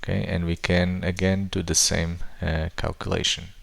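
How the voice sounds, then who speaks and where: Low gravelly man explaining code. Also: flat delivery, normal speed. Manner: thinks aloud with frequent fillers and restarts. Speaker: programming tutor. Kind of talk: screen-recorded coding tutorial.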